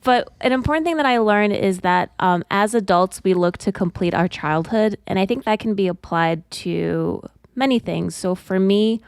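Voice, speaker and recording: Woman podcast guest, lowish voice, gravelly yet smooth, reflective, dry recording. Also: moderate pace, few pauses, dry recording. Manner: thoughtful, reflective. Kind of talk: casual chat.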